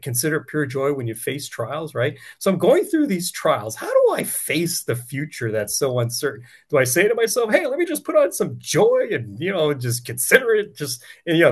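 A man's voice: fairly high pitch, breathy edge. A man preaching a conversational sermon, telling a personal testimony with many rhetorical questions.

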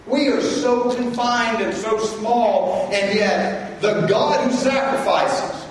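A male pastor preaching a sermon, swinging between loud emphasis and quiet intensity. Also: very high voice, steady tone, slow pace, a little hiss or hum. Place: large church hall. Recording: echoey hall from far off.

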